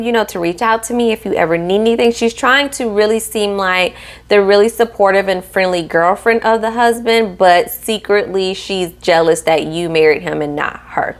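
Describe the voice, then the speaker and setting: A woman talks through a reality TV episode in a casual, sassy recap. She is animated and playful, and she often acts out the people on the show as she quotes them. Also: medium pitch. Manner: sassy, animated, quotes cast members in voices.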